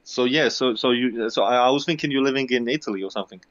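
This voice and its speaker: A man's voice: mid-range voice, quick pace, fairly bright tone, lo-fi sound. A man chatting casually in an online voice chat, talking bluntly, repeating himself and firing off question after question.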